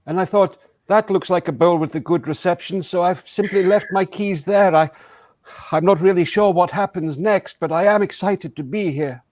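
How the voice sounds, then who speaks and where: A man's voice: high voice, normal speed, a little mellow, no room sound, lightly acted. A man playing a flustered, overly earnest party guest in an improvised comedy scene, stammering in a prim, formal way.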